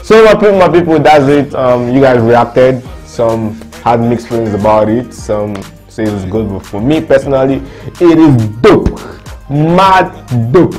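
Lively Nigerian man chatting in slang. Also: medium pitch, moderate pace, few pauses, faint music behind. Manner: lively, mixes Pidgin slang, laughs a lot. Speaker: vlogger reading fan reactions. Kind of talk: casual chat.

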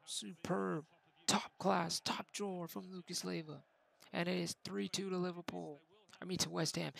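Gravelly young man doing game commentary. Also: high-pitched, moderate pace, low-quality recording. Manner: mock play-by-play commentary, excitable on goals. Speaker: gaming YouTuber. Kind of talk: gameplay commentary.

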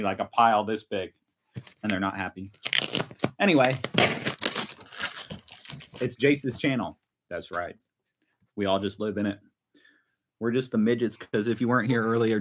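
A man's voice: fairly low pitch, background noise. A man hosting a casual unboxing vlog, chatting and laughing often as he opens parcels. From United States. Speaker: vlog host. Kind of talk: casual chat while unboxing.

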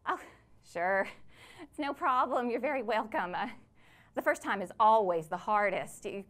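A woman's voice: mid-range voice, lively intonation, normal speed, a bit bright, close to an everyday voice. Lucy, woman playing a chatty prison wife. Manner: rambling, friendly, scolds her kids between sentences. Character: chatty weary mother of four, prisoner's wife. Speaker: stage actor in a one-woman play. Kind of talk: theatrical monologue.

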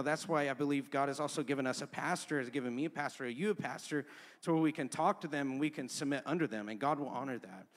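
A young man preaching a sermon in a casual, conversational way, telling personal stories. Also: mid-range voice. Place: church sanctuary. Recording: long church-hall reverb.

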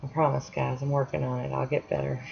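Chatty home nail vlogger: a woman with a low voice, unhurried and self-deprecating, on a dull lo-fi track. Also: flat delivery, vocal fry, a little mellow. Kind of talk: casual tutorial chat. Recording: dull lo-fi sound, faint hiss.

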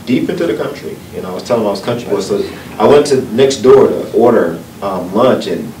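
Speaking fairly quickly in a low, expressive, slightly mellow voice, a Southern-accented guest speaker from North Carolina shares folksy stories at a book event. Earnest and motivational, he builds toward uplifting points; the recording is distant, noisy and echoey.

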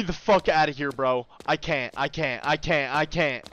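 A young man giving casual, profane commentary while playing a horror game, yelping and shouting when something startles him. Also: fairly high pitch, a little slow, hardly any pauses, noisy background. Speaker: gaming video creator.

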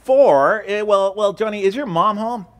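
Man playing a pushy, higher-voiced telemarketer. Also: unhurried. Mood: pressing. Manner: eager, pressing questions. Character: pushy male telemarketer, persistent.

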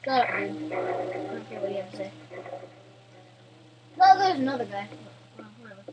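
A young woman doing casual, profane let's play commentary, irritable and halting with fillers. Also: on the high side, sing-song, dull audio, very noisy.

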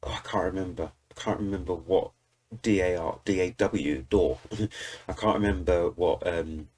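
A man's voice: deep voice, moderate pace, darkish tone, husky. A British man hosting a music reaction video, chatting enthusiastically and talking straight to his viewers. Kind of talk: casual reaction commentary.

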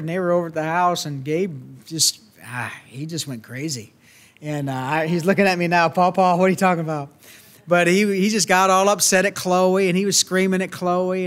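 A man with a Southern US accent delivers a sermon in a notably high voice. His delivery is folksy and earnest, full of small restarts and fillers. He sounds like a grandfatherly pastor talking to his congregation. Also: fairly bright tone.

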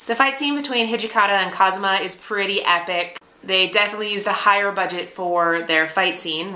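A woman's voice: fairly low pitch, sharp tone. A woman recapping an anime episode as a reviewer, chatty and sarcastic. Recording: roomy echo.

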